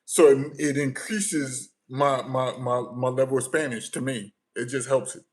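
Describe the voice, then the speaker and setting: A man from the United States hosting a casual livestream, telling travel stories in a lively way that swings between quiet, low asides and loud bursts. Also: a little slow, low-quality recording. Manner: animated storytelling, shifts often from low mumbles to loud bursts. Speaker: livestream host.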